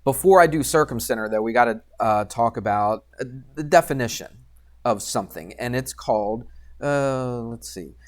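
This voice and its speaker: A man's voice: medium pitch, normal speed. A man teaching a geometry lesson to his class in a chatty, self-deprecating way, often asking the students questions. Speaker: math teacher. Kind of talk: classroom lecture at a computer.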